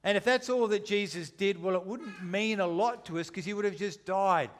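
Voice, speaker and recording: A man's voice: sits high, normal speed. A man preaching a sermon, retelling a story with dramatic, shifting intensity. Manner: dramatic, shifting between loud and hushed.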